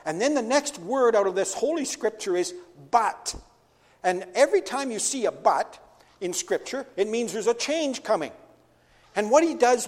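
A man preaching a sermon as pastor, asking rhetorical questions and answering them himself. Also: very high voice. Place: church sanctuary. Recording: long church hall reverb.

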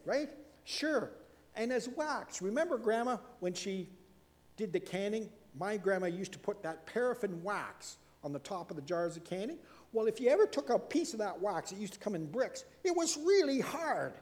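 Animated preacher man in a reverberant hall. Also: high voice, moderate pace. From Canada. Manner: animated storytelling preacher, swings from loud emphasis to hushed asides. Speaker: pastor. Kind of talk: sermon.

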